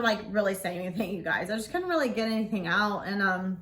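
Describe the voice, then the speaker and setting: A woman in her forties telling a story to camera in a casual vlog, blunt and animated, swearing freely. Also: mid-range voice, fast talker. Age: 40s. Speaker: vlogger.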